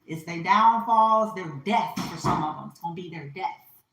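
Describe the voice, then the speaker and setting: In a room with noticeable echo, a spiritual reader speaks in a fairly bright, lowish voice at a moderate pace. Her reading comes out as a casual, emphatic rant, full of profanity and repeated phrases.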